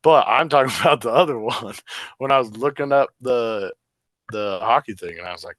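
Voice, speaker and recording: A man's voice: medium pitch, fairly quick, a bit bright, dry recording. A man co-hosting a casual podcast over a video call, joking, laughing often and rambling. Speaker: podcast co-host. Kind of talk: casual chat. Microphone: remote video call.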